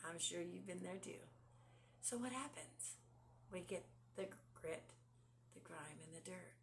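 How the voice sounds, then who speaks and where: A woman giving a conversational devotional talk. She asks the listener many rhetorical questions, sometimes sinks to a hush, and reads scripture slowly. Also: fairly low pitch, gravelly, slight background noise. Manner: drops to a hushed, near-whispered delivery at times. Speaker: devotional speaker.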